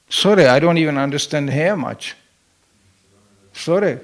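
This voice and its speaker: A middle-aged man, a temple president, giving a humorous scripture lecture in a temple hall as an animated storyteller who acts out the voices he quotes. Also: a little high, normal speed, long pauses.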